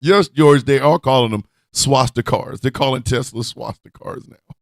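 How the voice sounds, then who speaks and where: A man's voice: mid-range voice, normal speed, creaky, dry recording, clean studio sound. A man hosting an online radio show, ranting comically with profanity and constant cackling laughter. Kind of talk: loose comedic rant with chat.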